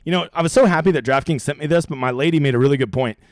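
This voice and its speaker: Brash, fast-talking young man streaming. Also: on the high side, darkish tone, dry recording, clean studio sound. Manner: brash, profane, rambling. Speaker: fantasy sports streamer. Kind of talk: profane live-stream strategy talk.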